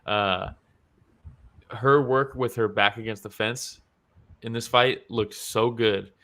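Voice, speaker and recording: A man's voice: fairly low pitch, slow pace. A man co-hosting a casual talk show, breaking down a fight with lots of laughter and filler words. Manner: animated, laughs often, many fillers. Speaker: co-host. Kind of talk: casual fight-recap chat.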